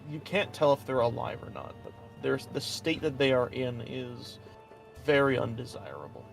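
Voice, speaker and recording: Man, gravelly voice, dungeon master, measured scene narration, faint music behind. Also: mid-range voice, animated. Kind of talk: narrating a tabletop game.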